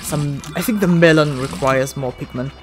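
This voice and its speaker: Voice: medium pitch, normal speed, over music. Foul-mouthed let's play gamer. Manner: swears a lot, yells at the game, then mutters.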